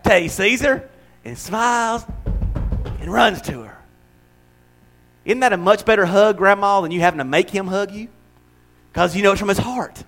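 A man preaching a sermon to his church, animated, acting out little voices and laughing as he goes. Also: high voice, normal speed. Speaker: pastor.

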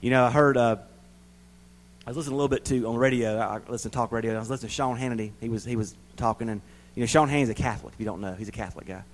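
A man preaching a sermon in a folksy way, repeating words for emphasis and swinging between loud emphatic bursts and quiet asides. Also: medium pitch, rapid-fire, slight background noise, poor audio.

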